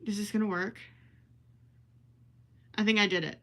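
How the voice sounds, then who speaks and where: A woman hosts a relaxed home livestream, speaking with a Minnesotan accent as she reads comments, chats with her audience, and apologizes often while poking fun at herself. Her mid-range voice is fairly bright, with fairly even intonation at normal speed.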